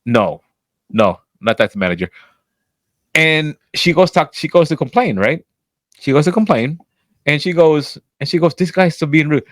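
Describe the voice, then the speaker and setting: A man on a casual podcast, telling a story with a lively, swooping delivery and a fairly high voice. He acts out each quote with sudden jumps in pitch and talks loudly and bluntly. The sound is dry and close, with no room around him. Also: moderate pace, no echo. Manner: says his voice is always loud. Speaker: podcast co-host.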